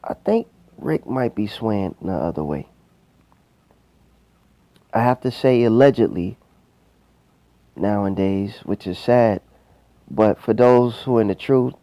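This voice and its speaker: A man with a Southern US accent doing commentary, speaking in a skeptical, insinuating and deliberate way. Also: on the low side, dark tone, no echo. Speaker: online commentator. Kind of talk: commentary video.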